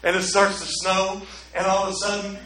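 Male preacher, high voice, dramatic storyteller, very roomy sound. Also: flat delivery, normal speed. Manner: dramatic storytelling, swinging from hushed to loud. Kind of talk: sermon.

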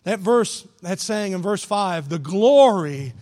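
A man's voice: high voice, animated, takes it slowly, darkish tone, big-room sound. A man preaching a sermon as pastor, with emphatic repetition of key phrases. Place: church sanctuary.

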